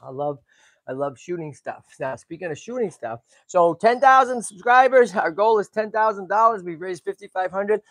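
A middle-aged man from the Boston area, hosting a tortoise sanctuary vlog in an excitable, chatty way and talking to animals and viewers as he walks. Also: high-pitched, normal speed, no echo. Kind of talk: casual walk-and-talk vlog.

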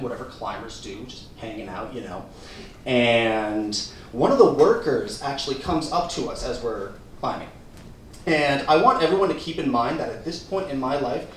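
A man's voice: medium pitch, slight background noise. A young man performing a stand-up comedy set on a theater stage, telling a story and acting out the people in it. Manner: animated storytelling, acts out the people in his story. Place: theater stage with live audience. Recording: echoey room from a distance.

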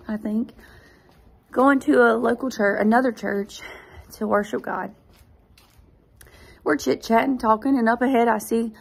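On her faith vlog, a woman shares a personal testimony directly with her viewers, earnest and animated. Her voice is a little high and gravelly.

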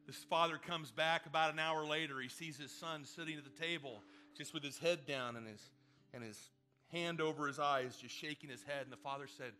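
Earnest, bright-voiced male pastor preaching. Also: a little high, normal speed. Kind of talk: sermon and closing prayer.

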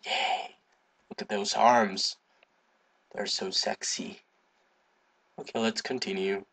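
A man giving casual gameplay commentary, excitable, swearing, humming to himself and breaking into sudden high yelps. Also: takes it slowly, vocal fry, breathy edge. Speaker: gaming video host.

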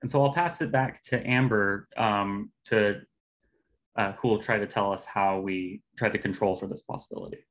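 A man giving an academic talk on phonology, explaining stress patterns with measured pacing and occasional fillers. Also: on the low side. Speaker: linguistics presenter.

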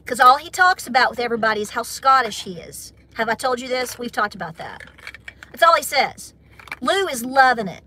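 A woman's voice: fairly high pitch, expressive, brisk, sharp tone, slight background noise. A middle-aged woman with an Appalachian Southern accent, chatting and giggling casually with viewers on her homestead livestream. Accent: Southern American, Appalachian.

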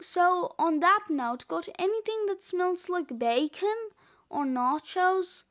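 A woman's voice: very high voice, animated, takes it slowly, fairly bright tone, heavily acted. A woman reading aloud and voicing a cocky, boastful schoolboy who is sure of his own genius. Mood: casual. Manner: boastful, breezy. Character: cocky boy, a scheming schoolkid author.

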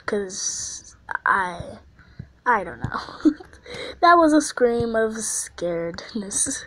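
A woman giving casual commentary over a video game, swinging between quiet mumbling and excited squeals and panicked shouts. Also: fairly high pitch, very slow, pauses often, rough recording. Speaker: gameplay video host.

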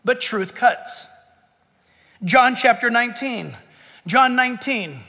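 A man's voice: extremely high pitch, animated, slow, sharp tone, in a large hall. A male pastor preaching an impassioned sermon to his church, full of emphatic rhetorical questions and jokes. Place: church sanctuary.

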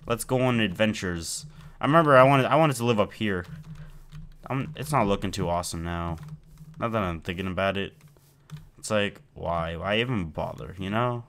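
A man's voice: fairly low pitch, expressive, moderate pace, pauses often, a bit bright. A man giving rambling, playful commentary while playing a video game and chatting to his in-game pet. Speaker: gameplay video host. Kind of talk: casual let's-play commentary.

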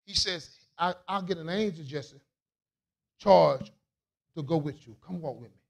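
A man preaching a sermon as a bishop, in a call-and-response style that swings from quiet asides to shouts. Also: fairly high pitch, measured pace, gravelly.

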